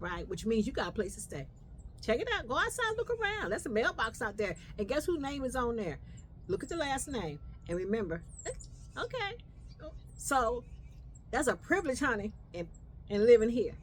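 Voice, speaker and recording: A woman's voice: on the high side, slight background noise, rough recording. A middle-aged mother telling a family story in a sassy, laughing vlog style, calling the listener honey again and again.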